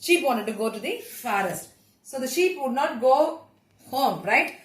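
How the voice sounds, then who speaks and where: A woman's voice: high voice, lively intonation, moderate pace. A woman teacher with a Tamil accent telling a story to children, chatty and asking them questions. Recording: echoey room.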